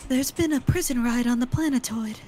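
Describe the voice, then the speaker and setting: A woman's voice: high-pitched, a little fast, dark tone, poor audio. A woman reading video game narration aloud, stumbling now and then over the names.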